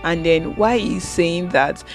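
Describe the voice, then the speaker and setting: A woman's voice: fairly low pitch, takes it slowly, faint music behind. A woman recapping an episode in a casual reaction video, talking straight to her viewers and acting out the characters' lines as she goes. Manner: chatty, keeps addressing the viewers as guys; retells scenes with lively quoted dialogue. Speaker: video reviewer.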